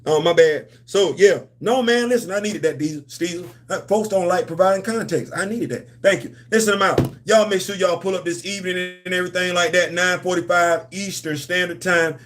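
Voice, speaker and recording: Male host, higher than usual, AAVE, casual livestream rambling, playful banter. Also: brisk, hardly any pauses, fairly bright tone. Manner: loose, repetitive, playful banter with slang. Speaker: host of a comics and culture channel.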